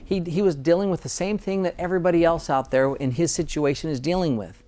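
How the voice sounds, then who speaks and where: A man's voice: fairly high pitch, fast talker, warm tone. A middle-aged American dentist in a casual interview, earnest and sometimes getting emotional about his work. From United States.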